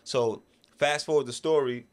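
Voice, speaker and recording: This Brooklyn man with a New York accent is a podcast interview guest, casually telling a long story and acting out quoted voices with slang. He speaks at medium pitch and a moderate pace, his tone steady.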